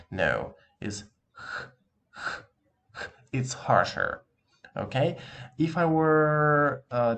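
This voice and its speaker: A man's voice: medium pitch, fairly bright tone. A man teaching a language lesson, patiently drilling each sound several times and asking the listener to repeat after him.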